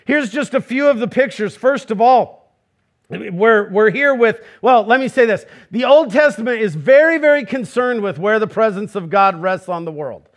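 A male pastor with a high-pitched voice delivers a sermon with emphatic, searching rhetorical questions. He acts out the voices he quotes. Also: animated, normal speed.

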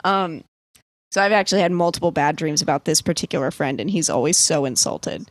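A woman's voice: deep voice, fairly quick, a little hiss or hum. A young woman from the US East Coast casually telling friends a story, chatty, full of "like," swearing and laughing as she goes. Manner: chatty, lots of "like", swears, laughs mid-sentence.

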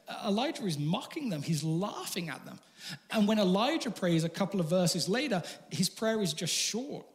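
A man's voice: sits high, very animated, normal speed. A man preaching a sermon in a conversational way, with rhetorical questions and light humorous asides. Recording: long reverb of a large hall.

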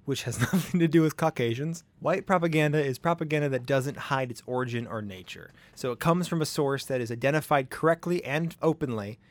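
A man's voice: mid-range voice, fairly quick, hardly any pauses. A young man co-hosting a podcast, telling a history story in a casual, chatty way and chuckling often. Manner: conversational, chuckles often, puts on silly voices for quotes.

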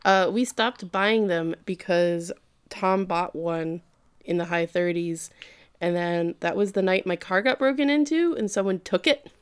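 Speaking a little slowly in a low-leaning, clear and resonant voice, a podcast co-host goes over an anime in casual fashion. She gets animated, performing the characters' quoted lines herself.

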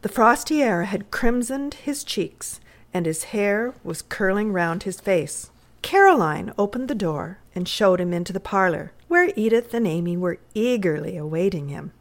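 A woman narrating a short story for a readers' theatre. Her reading is measured and expressive, with a mid-range voice. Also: mid-range voice.

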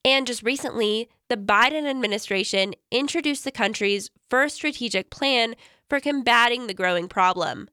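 A young woman from the United States narrating a radio feature report in a calm, measured first-person voice. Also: fairly high pitch, smooth, no echo, studio quality.

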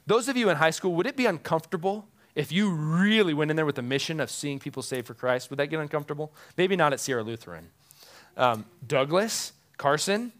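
A man who is a pastor, preaching a conversational sermon to his congregation, often chuckling and repeating key phrases for emphasis. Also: on the high side.

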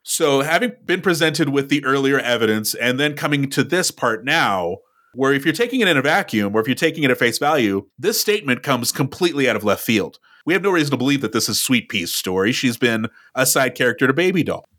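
A man co-hosting a movie podcast, building careful arguments in relaxed talk. His voice is bright and forward, with a middle pitch. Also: a little fast. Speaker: podcast co-host. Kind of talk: casual movie-discussion chat.

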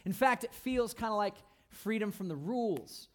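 A young man leads a youth sermon in a playful, animated way. His voice sits high for a man. He keeps checking in with the crowd as he talks. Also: moderate pace. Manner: animated, playful, asks the crowd "right?" often. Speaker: youth pastor.

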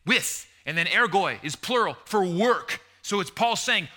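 A man preaching a passionate sermon, swinging between loud emphasis and hushed, emotional tones and lingering on key words. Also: high-pitched, animated, unhurried, few pauses.

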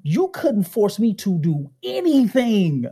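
Guy, middle-aged, husky voice, super lively storyteller, keeps saying "right?". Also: high-pitched, slow. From Chicago. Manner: animated storyteller, keeps tagging "right?", acts out quotes. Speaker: guest. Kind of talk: casual conversation.

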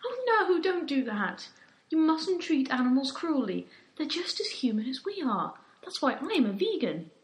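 A woman's voice: high voice, very animated, moderate pace, reverberant. A young woman playing a naive, earnest, posh volunteer in a comedy sketch. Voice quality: earnest, gushing.

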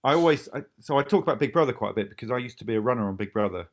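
A man talks fast and easily in a relaxed podcast chat, looking back on how his show was made. He laughs often and keeps the words tumbling out. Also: mid-range voice. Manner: quick, chatty, laughs often. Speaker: show creator talking about his series.

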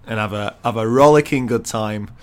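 A man's voice: fairly low pitch, normal speed. A man co-hosting a podcast in casual, self-mocking chat full of fillers. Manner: chatty and self-mocking, with frequent laughs and fillers. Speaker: podcast co-host.

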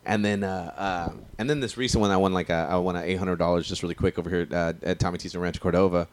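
A man's voice: deep voice, fairly even intonation, rapid-fire. A man, a stand-up comedian telling stories in a slangy, profane, rambling way during a casual podcast chat.

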